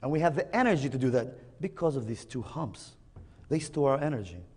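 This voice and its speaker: Man doing a cranky cussing father camel, lower and quieter, big hall echo. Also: animated, fairly quick, breathy edge. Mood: exasperated. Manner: exasperated, swearing. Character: grumpy father camel, exasperated and cursing.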